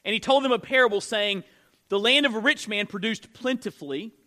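A middle-aged man pastor preaching a sermon, emphatic and swinging between loud declarations and hushed low lines. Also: a little fast.

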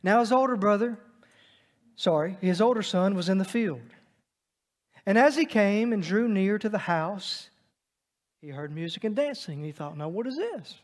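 High-voiced preacher man in a reverberant hall. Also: moderate pace, long pauses. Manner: dynamic, swings from loud emphatic to hushed. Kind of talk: sermon. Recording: long reverb of a large hall.

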